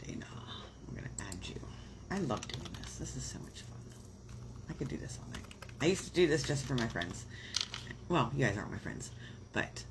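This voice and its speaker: An emotional, chatty woman gives astrology readings on a home live stream. She talks in loose, warm phrases full of fillers and stops to tell her viewers she loves them. A faint noise runs under the phone or webcam recording. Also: a bass voice. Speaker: astrology reader on a livestream.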